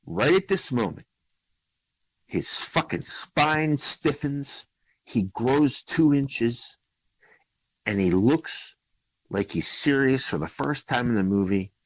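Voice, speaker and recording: Animated, slow-talking man ranting. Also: on the low side, dry recording, rough recording. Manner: animated, swearing, acts out scenes. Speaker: podcast co-host. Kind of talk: casual movie-review chat.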